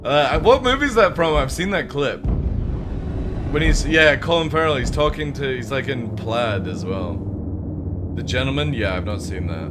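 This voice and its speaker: Casual male streamer, jokey and foul-mouthed, animated delivery, noisy game sound underneath. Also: mid-range voice, normal speed. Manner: joking, swearing, chatty. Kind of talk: casual live-stream chat.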